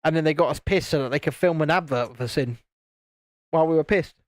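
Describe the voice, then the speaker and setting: A man's voice: fairly high pitch, fast, dry recording. Chatty British man, light voice, dry close sound. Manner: chatty, reads out viewer comments, chuckles often. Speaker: livestream host. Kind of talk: casual chat while building.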